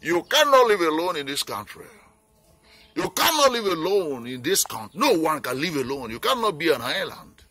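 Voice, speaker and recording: A Nigerian man makes a heartfelt appeal for peace, pleading and repeating himself as he goes. His voice sits high and rises and falls a great deal. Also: big pitch swings, moderate pace, sharp tone. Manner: pleading, repetitive, earnest. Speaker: peace campaigner. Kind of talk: impassioned appeal speech.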